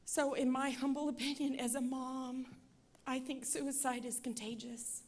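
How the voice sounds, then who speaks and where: A woman in her forties gives an earnest testimony from a stage, her voice high and clear. She speaks with steady conviction and builds to forceful appeals. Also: unhurried. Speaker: speaker at an event. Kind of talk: personal testimony speech.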